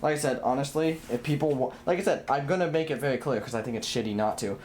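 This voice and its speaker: This young male livestreamer talks fast in a mid-range, darkish voice while building a PC, rambling bluntly, swearing and starting sentences over. Slight background noise is audible.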